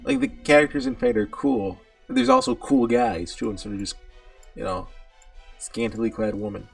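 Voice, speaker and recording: A man's voice: fairly low pitch, expressive, moderate pace, gravelly, far from the mic, soft background music. A man giving casual, rambling commentary on a video game, joking as he goes and reading the game's dialogue aloud. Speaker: let's play streamer.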